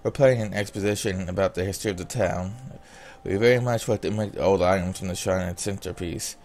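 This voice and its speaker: A man's voice: sits low, steady tone, fast, a little mellow, a little hiss or hum. A man reading a visual novel's dialogue aloud in his own plain voice, breaking off now and then for casual comments. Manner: reads all the character lines in a plain voice, breaking off for casual comments.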